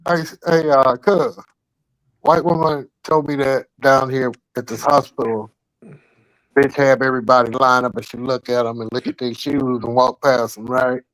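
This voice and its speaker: A man's voice: mid-range voice, steady tone, moderate pace, fairly bright tone, dry recording, rough recording. An older man co-hosting a talk show, telling stories in a blunt, profane, joking way. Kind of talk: casual banter.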